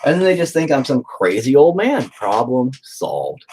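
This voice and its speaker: Husky, profane man rambling casually. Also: medium pitch, big pitch swings, normal speed, a little mellow, low-quality recording. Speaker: streamer painting on camera. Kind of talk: casual chat while painting.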